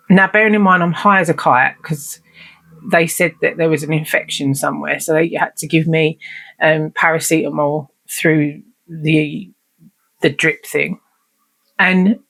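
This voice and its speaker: A woman's voice: low voice, gravelly, a bit bright. A woman hosting her own show, telling a personal story in a candid, rambling way and swearing freely. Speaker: podcast host.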